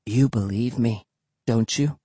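A man voicing a bold young girl in an audiobook who teases and lowers her voice to talk about scary things. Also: measured pace, husky, dry recording. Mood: hushed. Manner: teasing, insistent, drops to a hush for scary talk. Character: bold, spooky-minded young girl with a teasing edge. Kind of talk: audiobook character voice.

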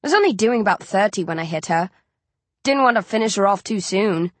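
A woman's voice: medium pitch, lively intonation, a little fast, no room sound, lightly acted. A woman voicing a cocky, snappy male hunter who gloats and taunts. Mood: taunting.

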